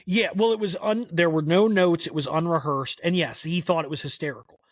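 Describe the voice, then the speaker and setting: A man talking casually as a podcast guest, his voice sitting a little high. He rambles through animated stories with plenty of filler words. The room sound is dry and close. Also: fairly quick, dry recording. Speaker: podcast guest, country music historian. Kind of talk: casual conversational storytelling.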